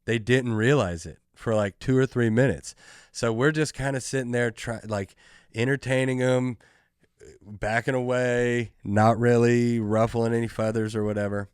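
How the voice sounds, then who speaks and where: A young adult man, a comedian hosting his own podcast, telling a story in a casual, animated way with lots of filler words. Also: mid-range voice, smooth, dry recording, studio quality. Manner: animated, fast, full of "like" and "dude".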